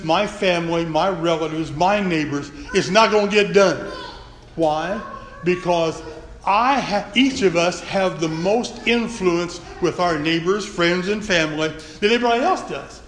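A man's voice: high voice, a little slow. A man preaching a folksy, earnest sermon to his congregation. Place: church sanctuary. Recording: echoey church hall, faint room noise.

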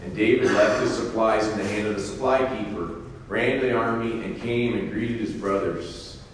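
A man preaching, reading scripture aloud and then commenting on it in a folksy, animated way. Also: on the low side, moderate pace, a little hiss or hum. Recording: echoey hall from far off.

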